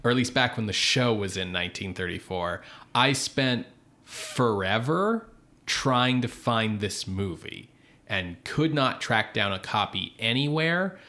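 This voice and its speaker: A man's voice: lowish voice, animated, a little slow, sharp tone. A man co-hosting a podcast in casual chat, explaining things in a rambling, hesitant way. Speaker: podcast co-host.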